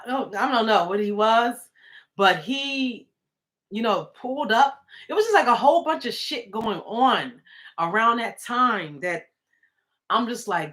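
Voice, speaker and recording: A woman's voice: mid-range voice, a bit bright. A woman talking casually and emotionally in a live video, rambling and indignant as she defends her partner.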